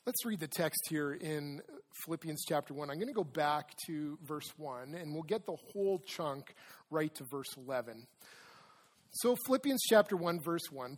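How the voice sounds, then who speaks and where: A man preaching in a conversational sermon style, with a fairly high voice for a man. He mixes personal asides into his message and reads scripture aloud with emphasis. A long church reverb trails each phrase. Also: lively intonation, normal speed. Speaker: pastor.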